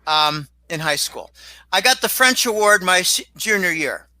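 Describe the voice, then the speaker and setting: Guy with a high bright voice going off on tangents in an interview, loud outbursts here and there, dry close sound. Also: a little slow, no echo, rough recording. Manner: rambling and animated, with sudden exclamations. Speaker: guest commentator. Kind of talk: casual interview talk.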